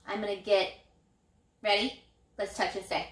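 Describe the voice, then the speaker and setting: A woman teaching an elementary phonics lesson, sounding out letters in a slow, encouraging, sing-song way. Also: medium pitch, level tone, a bit bright, echoey room. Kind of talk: recorded phonics lesson for young children.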